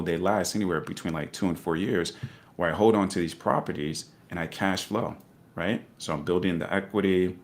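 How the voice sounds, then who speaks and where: Low-pitched guy on a podcast, emphatic, keeps repeating his point. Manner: animated, emphatic, repeats key phrases, bursts of laughter. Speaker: guest investor. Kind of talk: casual podcast conversation.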